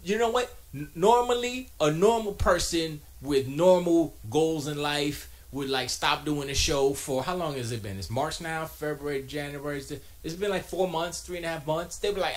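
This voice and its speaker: A man hosting a casual livestream from his home music studio, reading chat aloud and joking, with quiet muttered asides to himself. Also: a little high, moderate pace, few pauses. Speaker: live streamer reading chat.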